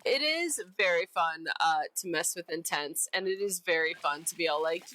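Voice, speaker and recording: Bubbly lady streamer just chatting while she plays, kinda bright clear voice, says stuff twice. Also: on the low side, expressive, normal speed, hardly any pauses, no room sound, poor audio. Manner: bubbly, repeats herself, giggly silly name-calling. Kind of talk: casual chat while playing a game.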